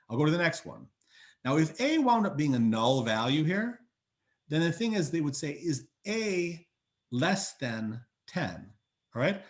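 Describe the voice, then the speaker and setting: A man giving a university lecture over a video call, chatty and thinking aloud with many fillers and restarts. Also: on the high side. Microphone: computer mic on video call.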